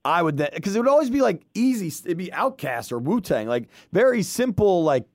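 A man hosting a sports podcast in easy, friendly chat, laughing often and tossing out "dude." His voice sits a bit high, and the sound is close and dry. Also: very animated, a little fast, darkish tone, no room sound. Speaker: podcast host. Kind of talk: casual podcast interview.

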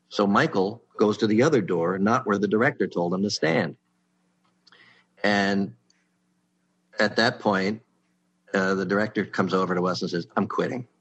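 A man with a slightly low voice tells show-business stories in an easy, chatty way. He jumps into the voices of the people he quotes, getting louder and higher for the punchlines. He sounds middle-aged and relaxed. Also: slightly rough, no echo, dull audio. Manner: animated storyteller who acts out quoted people. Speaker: sitcom writer guest. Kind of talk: casual anecdote telling.

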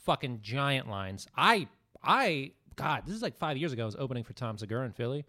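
A man co-hosting a comedy podcast in loose, profane chat. His pitch swings widely as he jumps from loud bursts to low mutters. He tells stories with plenty of energy. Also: sing-song, brisk. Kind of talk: casual chat.

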